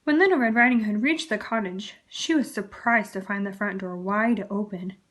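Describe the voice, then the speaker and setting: A woman reading a children's storybook aloud in a gentle, expressive way. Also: mid-range voice, normal speed. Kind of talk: children's book read-aloud.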